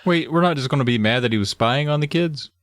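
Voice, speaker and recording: A man's voice: mid-range voice, quick pace, a bit bright. A man co-hosting a podcast, chiming in with dry, agreeable remarks in casual chat. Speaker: podcast co-host.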